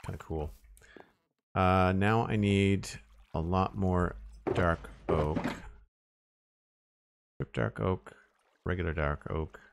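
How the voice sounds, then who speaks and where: A man with a low voice talks casually over his gameplay, half to himself and half to his viewers. He mumbles and trails off with filler words as he works. A faint hiss and clicking sit under the voice. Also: fairly even intonation, slow, creaky, pauses often. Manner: thinks aloud, mumbles, trails off with "uh". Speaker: streamer building in a survival game.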